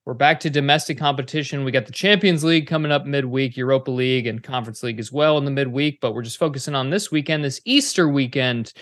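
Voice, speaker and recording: A man's voice: medium pitch, quick pace, few pauses, a bit bright, dry recording, studio quality. A man from the United States co-hosting a betting podcast in casual, easygoing chat with many fillers. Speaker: podcast co-host.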